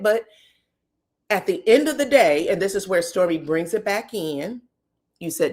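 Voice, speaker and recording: Woman, casual gossip recap, animated, acts out quotes, frank and salty. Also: mid-range voice, unhurried, long pauses. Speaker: commentator recapping a reality show.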